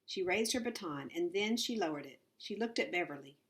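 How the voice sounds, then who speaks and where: A woman with a fairly low voice reads a children's novel aloud. She tells it at an easy, unhurried pace. She stumbles over a word now and then. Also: lively intonation. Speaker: audiobook reader.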